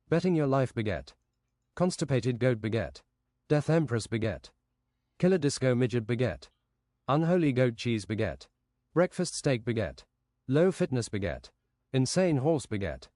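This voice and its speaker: A man's voice: mid-range voice, darkish tone, dry recording, clean studio sound. A man streaming a game while improvising a rambling, absurd fantasy story.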